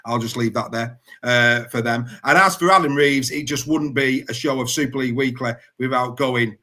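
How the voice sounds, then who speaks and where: A man hosting a casual sports chat show, jokey and animated, laughing often. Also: medium pitch, moderate pace. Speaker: podcast host.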